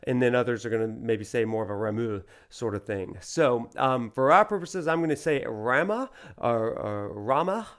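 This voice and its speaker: A man's voice: mid-range voice, normal speed, hardly any pauses, clear, resonant tone. Casting: a Southern US man, a professor lecturing over gameplay, chatty and rambling, with a mid-range voice. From Alabama, USA. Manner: animated, rambling and full of fillers. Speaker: university professor.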